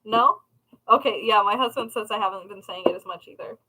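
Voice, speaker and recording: Bright, chatty woman rambling while crafting. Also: medium pitch, a little fast, a little hiss or hum, low-quality recording. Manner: rambling, swears freely, laughs at herself. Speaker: crafting livestream host. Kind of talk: casual chat while crafting.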